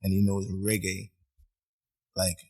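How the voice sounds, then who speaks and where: A man's voice: sits low, completely flat delivery, slow, a little mellow, breathy edge. A man, a musician guest, telling stories in casual chat in an apartment, acting out quoted voices and laughing often.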